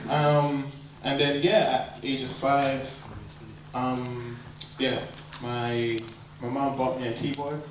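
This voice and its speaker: A man's voice: mid-range voice, takes it slowly, noisy background. Guy in his 20s, bit of an american accent, rambling through his life story, super echoey hall, mic far away. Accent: American-influenced. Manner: relaxed, rambling, lots of fillers. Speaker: producer and worship leader giving a talk. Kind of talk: personal life story talk. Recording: very echoey hall, distant mic, audible background.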